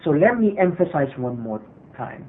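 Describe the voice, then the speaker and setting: A man's voice: fairly high pitch, big pitch swings, moderate pace, slight background noise. A man preaching a sermon as pastor, earnest and repetitive, with frequent hesitations. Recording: tinny phone-like sermon recording.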